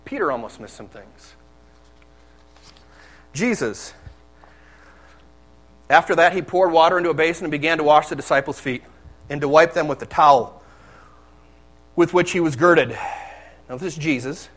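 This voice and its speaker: A man with a high voice preaching a sermon. He talks candidly and conversationally, telling his own stories to the congregation. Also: normal speed, pauses often, a bit bright, poor audio.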